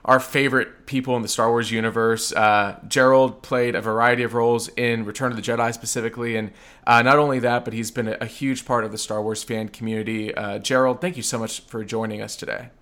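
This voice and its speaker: A man's voice: medium pitch, level tone, a little fast, fairly bright tone. Eager man hosting a podcast. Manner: eager and enthusiastic, with stammered restarts. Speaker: podcast host. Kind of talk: casual interview.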